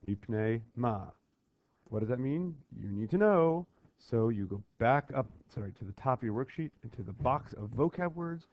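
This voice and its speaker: Animated male teacher on a dull recording. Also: mid-range voice, dry recording. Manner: animated, chanting call-and-response drills and pausing to check understanding. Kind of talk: explaining a worksheet on a Talmud text.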